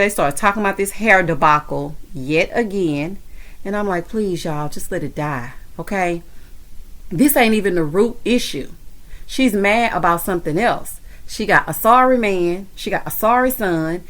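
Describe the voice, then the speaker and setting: A woman with a Southern American accent giving sassy, animated commentary on a reality TV episode, talking straight to the viewer. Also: medium pitch. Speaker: reality TV recap vlogger. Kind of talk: casual commentary.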